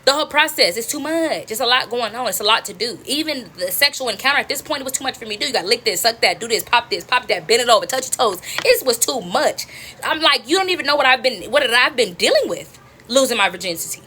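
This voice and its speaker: Young woman storyteller, quick and bright, slangy and profane. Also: fairly high pitch, slight background noise. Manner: animated, slangy, profane, addresses viewers as y'all. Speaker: storytime vlogger. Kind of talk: casual storytelling to viewers.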